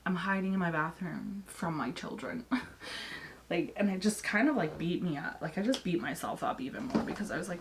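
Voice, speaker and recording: A woman's voice: lowish voice, expressive, moderate pace, slight background noise. A woman in her thirties, a mom and beauty vlogger, chatting candidly at home while doing her makeup, rambling and restarting often. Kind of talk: casual get-ready-with-me chat.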